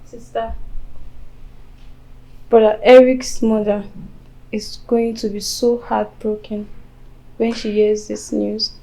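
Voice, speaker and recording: A woman's voice: a little high, little pitch movement, slow pace, vocal fry, pauses often, dark tone, rough recording. A woman with a Nigerian accent playing a caring sister who soothes and pleads with a grieving widow. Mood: consoling. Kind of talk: Nollywood film acting.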